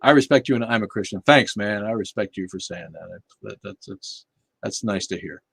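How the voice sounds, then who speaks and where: A man with a fairly low voice talks loosely through a casual livestream, answering viewer comments bluntly and swearing freely. His speech is full of fillers and restarts. The sound is dry and close. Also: brisk, creaky, fairly bright tone, slightly rough, no echo. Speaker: livestream host reading chat.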